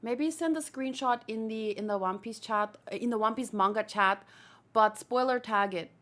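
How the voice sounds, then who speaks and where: A woman's voice: on the high side, normal speed, fairly bright tone. A woman streamer reading a manga aloud, with rambling, chatty commentary and casual swearing.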